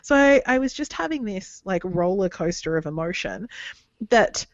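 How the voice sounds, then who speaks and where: A woman's voice: medium pitch, expressive, normal speed, no echo, lo-fi sound. A woman co-hosting a podcast in casual chat, gushing and rambling with many fillers. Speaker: podcast co-host.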